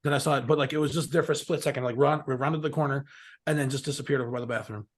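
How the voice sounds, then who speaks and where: A man's voice: medium pitch, fairly even intonation, rapid-fire. A middle-aged man telling stories in a rambling, casual way as an interview guest, swearing freely and laughing often. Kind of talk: casual storytelling.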